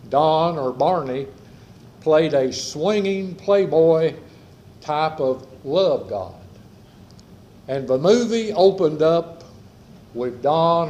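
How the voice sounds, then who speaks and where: Man preaching a sermon, unhurried and deliberate, repeating phrases, middle-pitched voice, faint hiss behind. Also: mellow. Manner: slow, measured preaching with repeated phrases and dropping endings. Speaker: pastor. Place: church sanctuary during a service.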